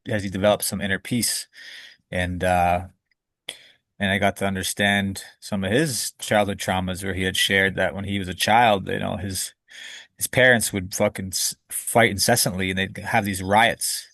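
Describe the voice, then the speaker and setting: Male guest, low voice, dry sound, candid and emotional storyteller who curses freely. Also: fairly bright tone, no echo. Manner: emotional, candid, swears casually. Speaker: podcast guest.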